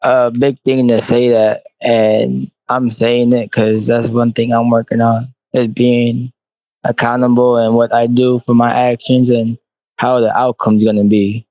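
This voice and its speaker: A man speaks in a mellow, easygoing way on a podcast, mostly adding quiet agreement. His tone is warm and dark. It is recorded dry and close. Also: mid-range voice, level tone, unhurried, dry recording, rough recording. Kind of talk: casual podcast chat.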